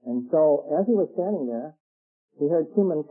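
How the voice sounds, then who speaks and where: An older man preaching a radio sermon, telling a story and acting out its characters with sudden high jumps in pitch. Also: lively intonation, normal speed. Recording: tinny phone-like radio broadcast.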